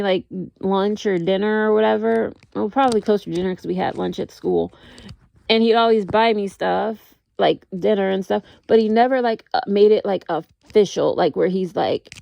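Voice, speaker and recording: A woman chatting straight to camera in a loose, meandering way, filling her sentences with "like" and doubling back on herself. Her voice has a heavy gravelly fry and a soft, mellow tone. The sound is close and dry, with almost no room around it. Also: medium pitch, no room sound, lo-fi sound. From United States. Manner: rambling, heavy use of "like", frequent restarts. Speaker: vlogger. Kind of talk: casual storytelling monologue.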